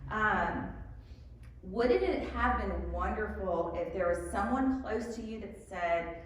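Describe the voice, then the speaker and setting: A woman's voice: medium pitch, lively intonation, slow, slight background noise. A woman giving a candid faith talk to a live group, self-deprecating, with frequent ums and small laughs. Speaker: speaker at a church evening talk. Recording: echoey hall from a distance.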